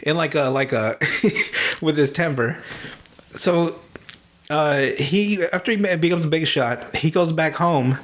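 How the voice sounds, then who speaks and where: A young man hosting a podcast, casually retelling a movie with lots of laughs, swearing and quick impressions of the characters. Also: a little high, a bit bright. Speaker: podcast host.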